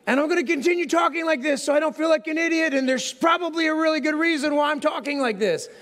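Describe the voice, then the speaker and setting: A baffled, rambling man who keeps talking to cover his confusion, as a preacher puts him on. His voice sits quite high and lifts noticeably higher, and he talks a bit louder and faster than usual. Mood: flustered. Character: flustered man, baffled by his own raised voice.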